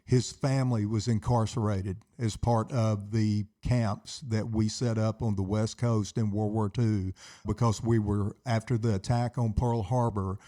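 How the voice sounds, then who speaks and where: A man's voice: on the low side, steady tone, a little slow, mellow. A man in his sixties, an Army veteran telling his stories in an interview with earnest, heartfelt sincerity.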